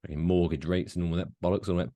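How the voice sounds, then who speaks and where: A man's voice: deep voice, rapid-fire, dry recording. A man, co-hosting a casual podcast with jokes and swearing. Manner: animated, swearing, jokey. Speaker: podcast co-host.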